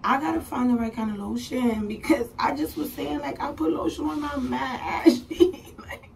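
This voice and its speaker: A young woman vlogging, telling a story in a chatty, animated way, dropping to whispers and rising to laughing squeals as she acts out what people said. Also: high voice, moderate pace, gravelly. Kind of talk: casual storytelling. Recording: a little distant from the mic, faint room noise.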